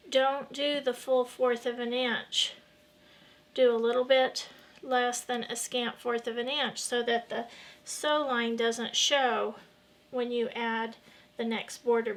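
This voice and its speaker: A woman hosting a casual quilting tutorial, chatty and friendly, explaining each step as she works. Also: on the high side. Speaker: quilting channel host.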